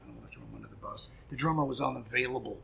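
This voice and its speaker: A middle-aged man, a punk musician guest, telling a story in casual chat, animated and profane, acting out quoted dialogue. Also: medium pitch, racing, gravelly, a crowd in the background.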